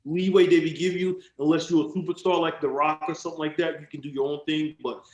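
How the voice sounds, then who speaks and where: A man's voice: a little high, little pitch movement, quick pace, a little mellow. A man hosting a podcast, chatting casually with his guest, laid-back, swearing freely and laughing often. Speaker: podcast host. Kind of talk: casual interview chat. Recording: roomy, slightly dull sound.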